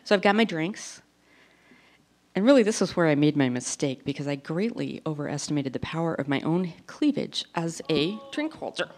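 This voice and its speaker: A woman in her forties performing a self-deprecating stand-up comedy routine, telling stories with animated delivery. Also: deep voice, normal speed. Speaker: stand-up comic.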